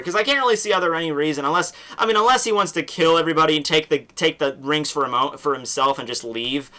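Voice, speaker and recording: A man's voice: a little high, fast, hardly any pauses, bright, forceful tone. A young man casually recapping a manga chapter, rambling with lots of fillers and restarts. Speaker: manga reviewer.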